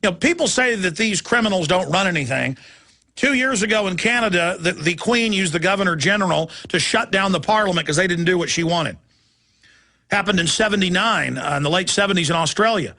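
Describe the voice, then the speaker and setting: A man's voice: sits high, animated, brisk, bright, forceful tone. A middle-aged man hosting a talk radio show, ranting in a rambling, insulting way that stumbles over its own words.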